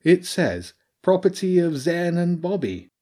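A man's voice: sits high, very animated, a little slow, a little mellow, pitched above the performer's own voice, exaggerated voice. A man voicing a kindly old woman neighbour in an audiobook, fond and a little fussy.

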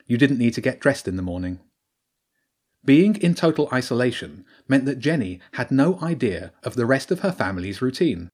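Calm male audiobook narrator. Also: mid-range voice, moderate pace.

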